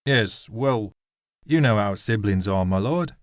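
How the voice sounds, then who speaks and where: A man voicing a wary young male guardsman who talks in a careful, hushed way. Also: fairly low pitch, expressive, a little slow, no room sound, clean studio sound. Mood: restrained.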